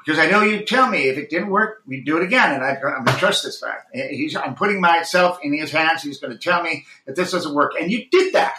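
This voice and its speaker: A man's voice: a little high, expressive, a little fast, few pauses, reverberant, noisy background. A man talking about his acting work in an interview, intense and earnest, often restarting his sentences. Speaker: actor and audiobook narrator, guest. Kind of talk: reflective interview talk.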